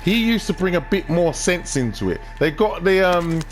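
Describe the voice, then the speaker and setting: Chuckling gamer over music. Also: male voice, high-pitched, animated, normal speed. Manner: chuckling, hesitant with many ums. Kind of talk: casual chat while gaming. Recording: clear music in the background.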